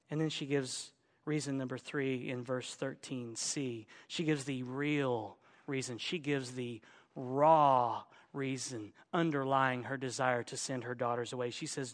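A male pastor preaching a sermon, explaining scripture verse by verse, moving between hushed and emphatic delivery. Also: mid-range voice, fairly even intonation, measured pace, in a large hall.

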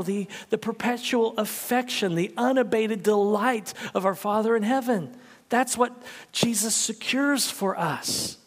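A man's voice: high voice, lively intonation, moderate pace. Preaching man, hall echo. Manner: swings from loud emphatic peaks to hushed whispers. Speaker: pastor. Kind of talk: sermon. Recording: long hall reverb.

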